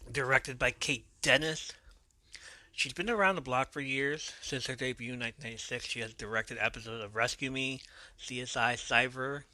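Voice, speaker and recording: A man's voice: medium pitch, bright, forceful tone, no room sound. A man hosting a podcast, casually recapping an episode in a loose manner, swearing now and then and correcting his own slips. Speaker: podcast host.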